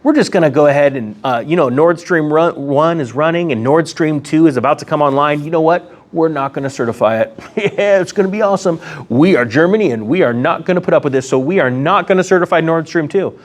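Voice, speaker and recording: A man's voice: fairly high pitch, brisk, hardly any pauses, close to an everyday voice. A man putting on the smug, stubborn voice of a personified government in a sarcastic vlog aside. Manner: sarcastic, self-assured.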